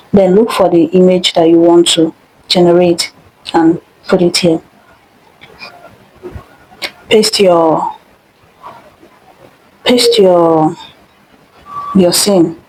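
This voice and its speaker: A woman's voice: lowish voice, darkish tone, husky, rough recording. A young woman hosting a screen-recorded tutorial, chatty and instructive, often repeating herself. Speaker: tutorial host.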